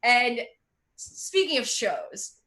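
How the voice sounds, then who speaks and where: High bright chatty young woman comic. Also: lively intonation, slow. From Russia. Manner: chatty, self-mocking, laughs at her own jokes. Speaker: stand-up comedian and host. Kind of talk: stand-up comedy.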